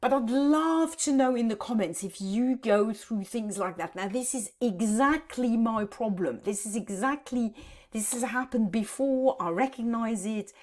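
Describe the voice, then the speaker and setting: Woman, 50s, vlogger, emotional, halting, close to tears, higher voice. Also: darkish tone. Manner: halting, repeats words, tearful. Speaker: decluttering vlogger. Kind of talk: emotional vlog to camera. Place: home office.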